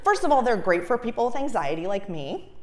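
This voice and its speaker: Young woman from Los Angeles, stand-up comic, higher voice that swings widely, animated delivery that laughs through its own jokes. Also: brisk. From Los Angeles, USA. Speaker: stand-up comedian. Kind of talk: stand-up comedy set. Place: comedy stage before a live audience.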